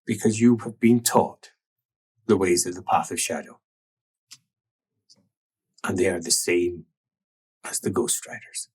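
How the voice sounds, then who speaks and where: Husky guy running a tabletop game, slow and musing. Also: sits low, darkish tone. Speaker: game master. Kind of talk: narrating a tabletop role-playing game.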